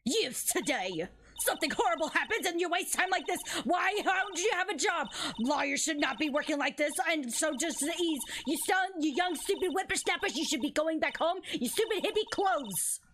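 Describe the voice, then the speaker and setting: A woman's voice: lively intonation, normal speed, hardly any pauses, fairly bright tone, a little hiss or hum. A woman voicing a bossy, nosy old woman security guard in a mock British accent during a game let's play. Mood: scolding. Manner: scolding, shrill, grumbling.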